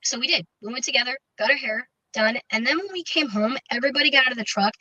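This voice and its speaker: A woman being interviewed, recounting a personal story in a candid, halting way with many fillers and restarts. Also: fairly high pitch, sharp tone, dry recording. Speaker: interview guest. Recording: dull, dry lo-fi recording.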